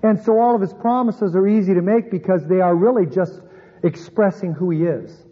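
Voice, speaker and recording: A man with a high voice preaches a sermon earnestly, sinking his voice low to stress key points. The recording sounds dull and muffled. A long reverb trails behind him in the church sanctuary. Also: moderate pace. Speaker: pastor.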